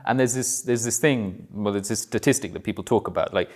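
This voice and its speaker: A man's voice: fairly low pitch, brisk. A man with an English accent, a guest on a podcast, talking casually and easily. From England. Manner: relaxed, chatty, laughs easily. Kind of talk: casual chat.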